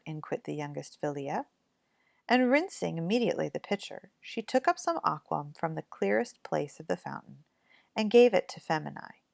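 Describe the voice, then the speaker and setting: A woman reading a fairy tale aloud in an expressive storybook manner. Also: lowish voice, vocal fry, no echo, clean studio sound.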